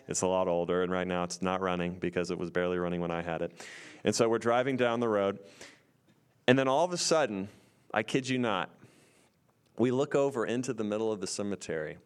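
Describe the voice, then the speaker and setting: Brief: young man, animated storyteller, mid-pitch, loud yelling bursts. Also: clear, resonant tone. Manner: excitable, acts out screams and voices.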